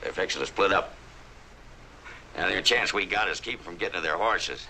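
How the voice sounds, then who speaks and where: An actor playing a middle-aged frontier uncle who leads a search party, with a folksy, commanding drawl. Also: male voice, low-pitched, big pitch swings, normal speed, pushed and bright, full character voice. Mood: hushed orders. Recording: film soundtrack with background noise.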